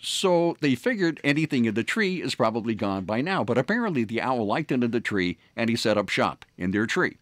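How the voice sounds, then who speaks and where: A man's voice: medium pitch, very animated, brisk, few pauses, fairly bright tone, no room sound. A man hosting a morning radio show, telling stories in a rambling way with many fillers and restarts. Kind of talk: casual on-air storytelling. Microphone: studio microphone.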